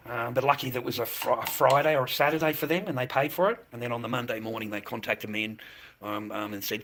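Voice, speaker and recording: A man's voice: mid-range voice, fairly even intonation, fast, a bit bright, a little hiss or hum, low-quality recording. A middle-aged man ranting crudely on a livestream, swearing constantly and taunting viewers. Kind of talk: profane livestream rant.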